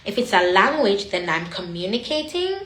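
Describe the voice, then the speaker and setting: A woman's voice: medium pitch, big pitch swings, moderate pace, a bit bright, reverberant. A woman talking in an emotional, casual monologue, emphatic and repetitive. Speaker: vlogger.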